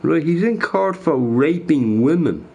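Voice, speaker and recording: A man's voice: on the high side, expressive, measured pace, gravelly, darkish tone. A man ranting casually to his chat, repeating himself emphatically. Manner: emphatic, repeats phrases, says bro a lot.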